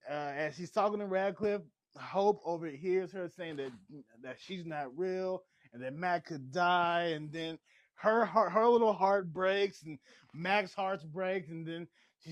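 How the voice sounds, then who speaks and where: A man giving a casual spoiler recap of a TV episode, rambling and excitable, short on sleep. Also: high-pitched, a little slow, no room sound. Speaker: TV show reviewer.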